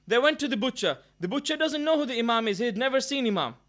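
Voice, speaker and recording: A man's voice: extremely high pitch, animated, quick pace, fairly bright tone. A man telling a moral story as a speaker at a religious mourning gathering, earnest and often correcting himself mid-sentence. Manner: earnest retelling with frequent self-corrections. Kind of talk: storytelling sermon. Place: gathering hall in London.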